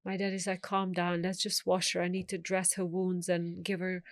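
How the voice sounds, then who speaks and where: A woman's voice: lowish voice, monotone, normal speed, no room sound, studio quality. A middle-aged woman, a guest telling her life story in an interview, acting out the voices of the people she quotes.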